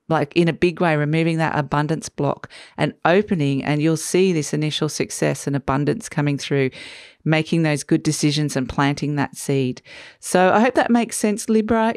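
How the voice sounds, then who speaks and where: A woman giving a spoken tarot reading, gentle and spiritual, often trailing off and restarting, and a little short of voice today. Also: low-pitched, clean tone, no room sound, clean studio sound. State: losing her voice. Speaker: tarot reader.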